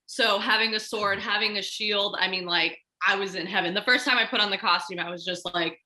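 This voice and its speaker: A stunt performer and martial artist, this woman tells stories as an interview guest, animatedly acting out the lines of the people in them. Her mid-range voice moves fairly quickly in casual storytelling.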